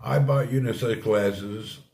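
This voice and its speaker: A man's voice: medium pitch, takes it slowly, a little mellow. Laid-back man streaming live, roomy sound. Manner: laid-back, laughs often, chats with viewers. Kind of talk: casual live-stream chat. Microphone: streaming setup. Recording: roomy echo.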